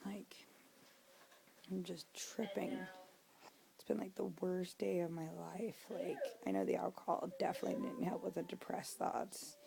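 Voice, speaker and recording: Young woman, drunk home vlogger, low gravelly voice, profane venting with hushed asides. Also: steady tone, moderate pace, a crowd in the background, rough recording. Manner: venting, profane, drops to a whisper. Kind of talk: casual confessional vlog. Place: home, indoors.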